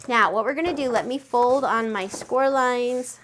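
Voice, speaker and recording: A woman hosting a step-by-step craft tutorial, chatty and friendly, gushing with excitement over her project. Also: on the high side, normal speed, a little hiss or hum.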